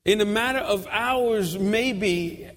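A man preaching a sermon with steady, emphatic delivery and repeated phrases. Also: high voice, slow. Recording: long hall reverb.

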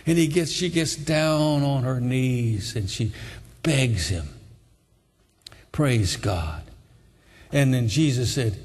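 A man's voice: mid-range voice, takes it slowly, pauses often, a little mellow, slightly rough, in a large hall. A man preaching a sermon with emphatic, repetitive exhortation.

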